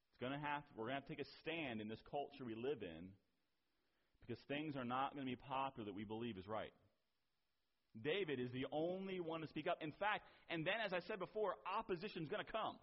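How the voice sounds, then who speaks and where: A man's voice: fairly high pitch, lively intonation, normal speed. A man preaching a sermon as pastor, in a conversational way with asides and rhetorical questions, on a dull lo-fi recording.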